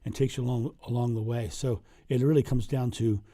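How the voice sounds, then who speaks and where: A man's voice: medium pitch, steady tone, brisk, dark tone. A middle-aged man and spiritual coach answering viewer questions on a livestream, telling stories in an earnest way and repeating phrases for emphasis. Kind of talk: livestream Q&A monologue.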